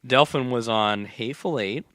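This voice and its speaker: A man's voice: medium pitch, normal speed, a bit bright, a little hiss or hum. A man co-hosting a podcast, teasing and joking his way through casual chat. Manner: playful, teasing, jumps into bits. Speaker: podcast co-host.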